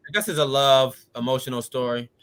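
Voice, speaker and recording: Speaking a little fast in a smooth, medium-pitched voice, a late-twenties man from Washington DC shares his life story as a podcast guest. He's casual and earnest, frequently dropping in "you know what I'm saying."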